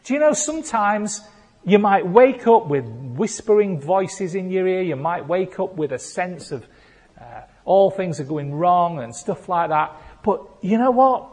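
A male pastor, preaching a playful sermon that builds to shouted declarations. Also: high voice, animated, measured pace. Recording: long hall reverb.

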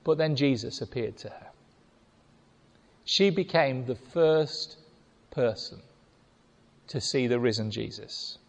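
High-voiced, lively preacher in echoing hall. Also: male voice, slow pace, long pauses. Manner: emphatic, rhetorical questions to congregation. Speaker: pastor. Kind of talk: sermon. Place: church hall. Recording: long reverb of a large hall.

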